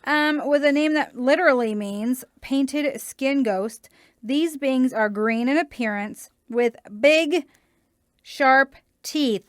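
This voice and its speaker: A woman's voice: high voice, takes it slowly, no echo, clean studio sound. A woman co-hosting a podcast, reading cryptid legends aloud and breaking off into laughs and jokey asides.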